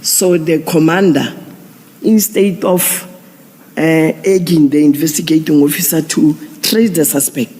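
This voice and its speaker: Man, slightly high voice, formal procedural testimony, echoing hearing hall. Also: steady tone, mellow. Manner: measured, procedural, with repeated restarts. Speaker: police general testifying as witness. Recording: long hall reverb.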